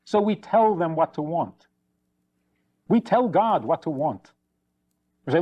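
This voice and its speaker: Male rabbi lecturer, slightly high voice, emphatic and lively delivery. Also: measured pace, long pauses, slightly rough, muffled recording. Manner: animated, acts out anecdotes with shifting voices; emphatic repetition. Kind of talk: spoken lecture on faith.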